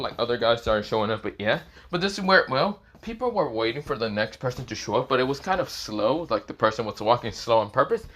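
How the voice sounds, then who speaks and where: A man's voice: mid-range voice, sharp tone. A young man improvising a fan-fiction story in casual narration. He rambles, leans on fillers, and swears freely.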